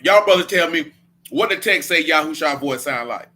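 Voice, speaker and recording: A man's voice: on the high side, animated, normal speed, pushed and bright, slight background noise. A man leading a Bible study in a casual preaching style, blunt and emphatic, with a lot of slang.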